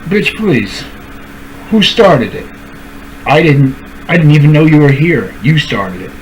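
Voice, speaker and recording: A streamer with a somewhat high male voice rants angrily to the camera, confronting people directly by name and hammering his points home through repetition. The audio is poor, with a faint hiss or hum.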